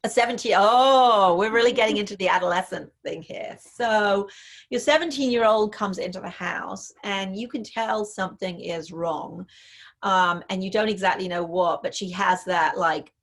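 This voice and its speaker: A woman author and parenting expert, interviewed as a guest over a video call, thoughtfully explains parenting ideas through examples, using frequent fillers. Her voice is mid-range at normal speed.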